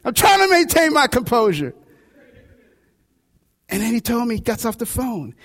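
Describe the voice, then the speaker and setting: A man preaching with a notably high, very lively voice that leaps up and down as he tells his story. His words ring out with a long echo, as if spoken in a large church sanctuary. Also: moderate pace. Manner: animated storytelling with shouts and laughs. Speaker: pastor. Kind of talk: sermon.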